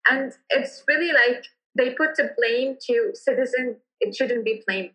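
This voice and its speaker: A woman's voice: a little high, unhurried, bright, forceful tone, rough recording. A young woman from Yemen speaking English with a Yemeni Arabic accent, answering interview questions with many fillers and restarts. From Yemen, Hadramaut. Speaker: interviewee, cultural entrepreneur.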